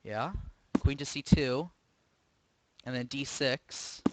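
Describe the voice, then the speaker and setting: A man's voice: mid-range voice, fairly even intonation, slow pace, background noise. Man thinking aloud over a chess game. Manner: thinking aloud, hesitant, self-questioning. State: sleepy, yawning. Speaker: chess streamer. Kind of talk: live game commentary.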